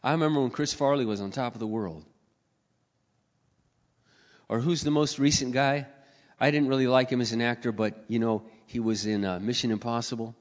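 A middle-aged man preaching a sermon, swinging between loud, high exclamations and quiet asides, often clearing his throat. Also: fairly even intonation, moderate pace, long pauses. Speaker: pastor. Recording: dull sound in a reverberant hall.

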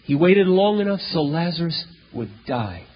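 A male pastor preaching a sermon, telling a story dramatically, with loud emphatic peaks and hushed low passages. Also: big pitch swings, normal speed, breathy edge. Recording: dull lo-fi recording in a reverberant hall.

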